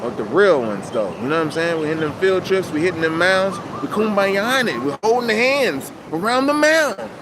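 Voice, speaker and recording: A man talking to camera in a casual, rambling monologue, animated and full of profane street slang, outdoors. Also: sits high, a little fast, few pauses. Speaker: channel host. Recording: loud outdoor traffic noise.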